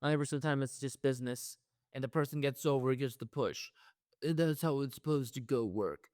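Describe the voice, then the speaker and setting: A man's voice: medium pitch, brisk, darkish tone, no room sound, clean studio sound. A man hosting a wrestling reaction show, ranting heatedly with lots of profanity and repeated phrases. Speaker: wrestling commentary host.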